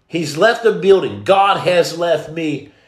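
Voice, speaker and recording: A man's voice: a little high, expressive, takes it slowly. A man telling his personal testimony in a blunt, emphatic, streetwise way, like a preacher. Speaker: storyteller giving testimony. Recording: roomy echo.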